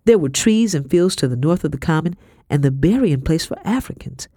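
A woman narrating an audiobook in a measured, expressive reading style. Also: low-pitched, dry recording. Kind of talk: scripted narration. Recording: dry close audiobook recording.

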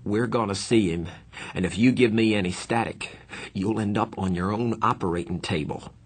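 A man's voice: on the low side, moderate pace, husky. A man voicing a tough teenage gang boy whose voice shakes with strain. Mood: threatening. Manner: urgent, strained and shaky. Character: tough teenage male gang kid, desperate.

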